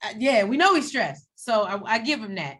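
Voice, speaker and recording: A woman co-hosts a casual TV recap show, retelling scenes in a chatty, animated way and acting out the people in them with quoted voices. Her voice is a little high and slightly rough, at a normal speed.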